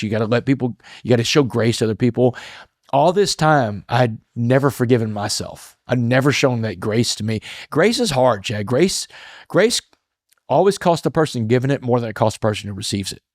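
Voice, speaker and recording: A man being interviewed as a podcast guest, telling a personal story in an earnest, reflective way with halting restarts. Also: medium pitch, no room sound, clean studio sound. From Texas.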